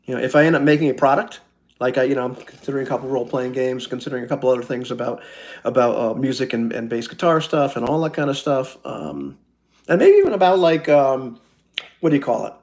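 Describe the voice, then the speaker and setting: A man's voice: mid-range voice, expressive, fast talker, darkish tone. A man chatting casually on a live stream, rambling and self-deprecating, talking straight to his viewers from a friend's house. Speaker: YouTuber doing a live stream.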